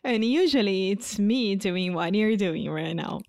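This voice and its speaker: A woman's voice: mid-range voice, expressive, a little slow, darkish tone, no echo, clean studio sound. Giggly woman podcast co-host. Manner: giggly, laughs often. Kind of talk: casual chat.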